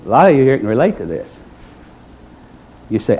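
A man preaching a sermon in a folksy, dramatic manner, with mocking asides in a quiet voice. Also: medium pitch, very animated, fairly quick, long pauses, a little hiss or hum. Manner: folksy Southern-style preaching with dramatic swings in volume. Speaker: pastor. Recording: dull lo-fi recording.

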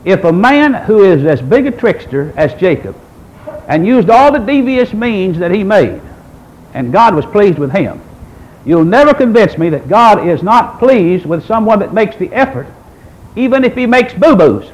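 A preacher in his sixties with a high, lively voice that rises and falls widely. He speaks emphatically, firing off rhetorical questions. A faint lilt colours his sermon. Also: normal speed, low-quality recording. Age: 60s. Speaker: pastor.

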